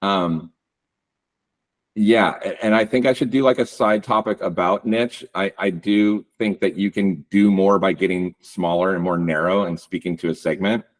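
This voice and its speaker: A man giving a casual webinar talk on real estate branding, relaxed and loose with lots of ums and likes. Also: deep voice, normal speed. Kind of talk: webinar presentation.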